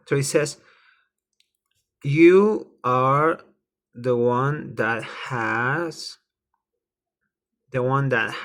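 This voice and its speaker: A man's voice: mid-range voice, pushed and bright. A man teaching a language lesson, spelling out words and repeating phrases over and over. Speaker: Spanish teacher. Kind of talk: slow, repetitive language lesson.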